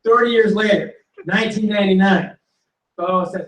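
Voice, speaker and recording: A man telling animated football stories to an audience and acting out quotes and punchlines. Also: high voice, brisk, slight background noise. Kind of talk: storytelling to a live audience. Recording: roomy hall recording from a distance.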